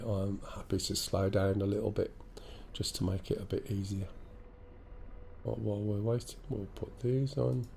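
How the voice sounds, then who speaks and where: A man's voice: fairly low pitch, gravelly, mellow, a little hiss or hum. Stuffy-nosed English man streaming a game. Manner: chatty, thinks aloud, greets viewers. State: stuffy nose from a cold. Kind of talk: live flight-sim stream commentary.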